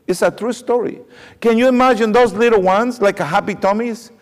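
A man preaching a sermon, retelling a story with animated, repetitive emphasis. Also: sits high, brisk. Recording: long reverb of a hall.

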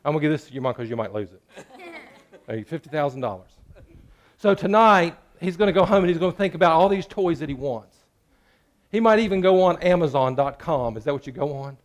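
A man preaching a sermon in a church, joking with the congregation and swinging between loud and hushed. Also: on the high side, animated, a little fast. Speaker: pastor.

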